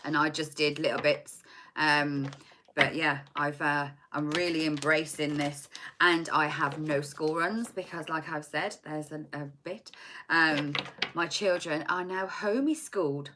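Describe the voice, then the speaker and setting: A woman's voice: low-pitched, fairly even intonation, measured pace, background noise. A woman in her forties giving a chatty, scattered tarot reading from her home desk into a laptop mic. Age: 40s. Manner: chatty, scattered, laughing, self-mocking. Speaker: tarot reader. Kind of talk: casual live tarot reading. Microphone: laptop or phone microphone.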